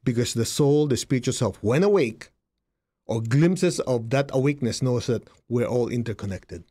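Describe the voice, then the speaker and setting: A man's voice: mid-range voice, normal speed. A middle-aged man whose first language is not English, giving an emphatic, repetitive spiritual talk as a healer. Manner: emphatic and repetitive, with lively jumps into quoted voices.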